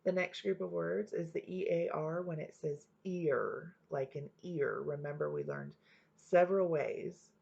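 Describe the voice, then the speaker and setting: Husky, gravelly woman teacher. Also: low-pitched, unhurried, a little mellow. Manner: patient, explains step by step, often says "all right". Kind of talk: reading lesson for young students. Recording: dull lo-fi home recording.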